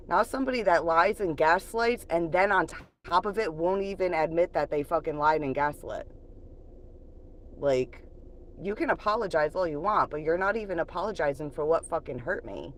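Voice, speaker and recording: A woman's voice: on the low side, a little hiss or hum. A woman hosting a livestream, venting bluntly and profanely about an ex and often laughing. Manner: reflective when talking about moving on. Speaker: livestream host. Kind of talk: casual live-stream venting.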